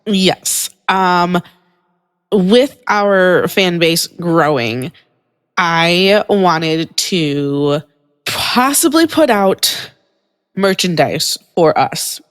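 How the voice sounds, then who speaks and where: A woman co-hosting a casual podcast who talks in a measured way, with frequent "um"s. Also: on the low side, animated, a bit bright, smooth, in a large hall. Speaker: podcast co-host. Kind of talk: casual chat.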